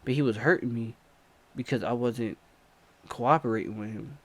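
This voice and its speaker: A young man telling a story in a casual vlog, animated and slangy, swinging from low mutters to excited outbursts. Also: normal speed. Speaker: storytime vlogger.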